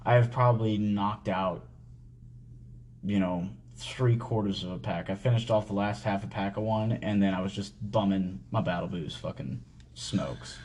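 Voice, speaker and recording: A man hosting a podcast, telling a personal story in casual talk, halting and full of swearing and fillers. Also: on the low side, darkish tone, slight background noise. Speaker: podcast host.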